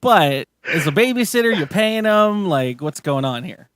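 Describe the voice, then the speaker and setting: A man with a fairly high voice hosts a casual talk show, telling a long story in a loose, rambling way. He swears freely and restarts his sentences. The sound is close and dry. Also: expressive, moderate pace, fairly bright tone, clear, resonant tone, dry recording. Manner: profane, rambling, lots of restarts. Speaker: podcast host. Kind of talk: casual chat, retelling a story.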